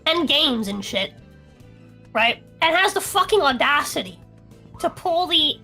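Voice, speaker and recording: A drunk young woman rants on a podcast stream, cursing in nearly every sentence. Her voice sits high and swoops through a wide pitch range. It has a bright, sharp edge. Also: big pitch swings, unhurried, pauses often, faint music behind. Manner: ranting, swearing heavily. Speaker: podcast co-host. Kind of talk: casual streamed podcast chat.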